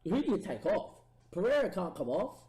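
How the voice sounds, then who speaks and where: Brief: male gaming streamer, fairly high mellow voice, muses over tactics, recorded in a roomy space. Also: moderate pace. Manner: thinks aloud, erupts into excited goal calls. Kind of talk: casual gameplay commentary.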